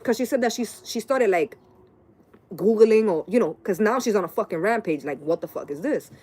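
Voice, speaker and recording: A woman's voice: medium pitch, animated, a little fast, darkish tone, husky. Profane, rambling woman in her late thirties. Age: late 30s. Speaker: tarot reader. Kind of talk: casual live-stream rant.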